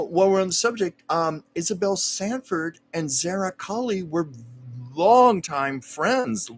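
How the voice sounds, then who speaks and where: A chatty male host reading out viewer comments on a livestream, with a middle-pitched voice. He reminisces with obvious affection and breaks into laughter often. His delivery is loose and conversational. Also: fairly bright tone, a little hiss or hum.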